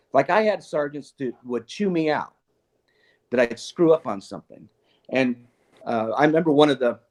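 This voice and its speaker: An older man, a retired police chief, talking casually and earnestly about leadership and parenting. He tells stories with an animated delivery, laughs often and restarts his sentences. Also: medium pitch. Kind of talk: casual conversational storytelling.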